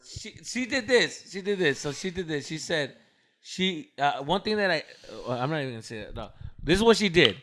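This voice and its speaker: Young man, podcast co-host, high bright voice, animated ranting delivery. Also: fairly quick. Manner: animated ranting, acts out both sides of an argument. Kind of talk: casual chat.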